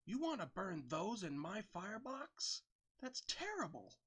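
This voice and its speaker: A big, grumpy steam engine from a storybook tale bursts out in outrage, his voice climbing high, as a man puts him on. He sounds indignant and loud. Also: very animated, measured pace, slightly rough, exaggerated voice.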